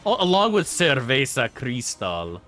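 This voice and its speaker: With soft music behind him, a young gamer on a live stream banters with his audience, relaxed, jokey, and foul-mouthed. He speaks at a measured pace in a mid-range, a bit bright voice with wildly swooping pitch.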